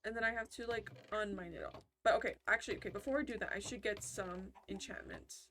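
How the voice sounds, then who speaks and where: A woman's voice: mid-range voice, quick pace, a bit bright, a little hiss or hum. A woman giving casual, rambling commentary while she plays a video game, often breaking off mid-sentence. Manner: rambling, self-interrupting, chatty. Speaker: gaming commentator.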